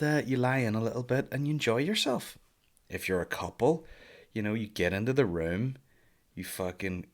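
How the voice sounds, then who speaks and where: A comedian rambling through a casual podcast monologue, his voice sitting fairly low. He swears freely, piles on jokes and now and then jumps into loud, high mocking voices for bits. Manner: profane, rambling, jokey. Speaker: podcast host, stand-up comedian.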